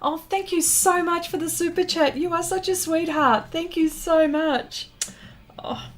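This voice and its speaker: An Australian pastel artist chats casually with viewers on a live stream while she paints, thanking them and reading their comments out loud. Her voice is very high and unhurried.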